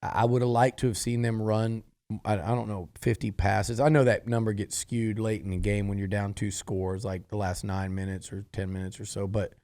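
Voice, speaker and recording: Low-voiced man in dry sports talk. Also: level tone, normal speed, warm tone, no echo. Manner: emphatic, frequent restarts. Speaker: sports radio co-host.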